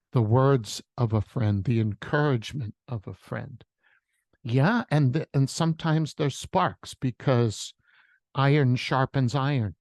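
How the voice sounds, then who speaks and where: Slow-spoken man sharing a devotional message. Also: medium pitch, darkish tone, dry recording. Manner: reflective storytelling. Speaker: worship leader. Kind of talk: devotional message on a prayer call. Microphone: video call.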